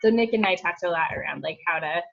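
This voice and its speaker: A woman's voice: lowish voice, quick pace, gravelly, a bit bright. A woman in her thirties talks in a rambling, casual way, full of likes and ums. She sounds like a therapist chatting with a group. The audio is dull and lo-fi, like a video call.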